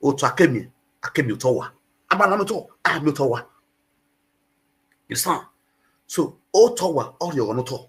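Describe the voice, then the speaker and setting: A man hosting a talk show, lecturing forcefully on respect. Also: a little high, lively intonation, brisk, pauses often. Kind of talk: preachy commentary.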